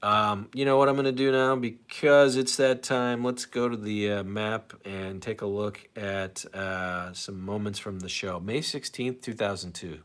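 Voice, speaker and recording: A man's voice: fairly low pitch, steady tone, a little slow, hardly any pauses, fairly bright tone. A man hosting a casual live stream, rambling in a self-deprecating way as he reads viewer comments aloud. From St. Louis area, USA.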